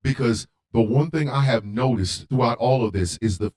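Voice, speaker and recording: A man hosting a radio show, delivering a heated monologue with emphatic repetition and occasional shouting. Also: medium pitch, normal speed, few pauses. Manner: emphatic, repeats lines for force; rants, at times shouting.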